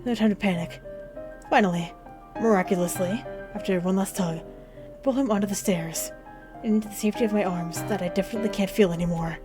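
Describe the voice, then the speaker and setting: A woman's voice: medium pitch, fairly quick. Woman dramatically reading a narrative game. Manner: emotional, intense, first-person storytelling. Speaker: gaming video host. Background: game music.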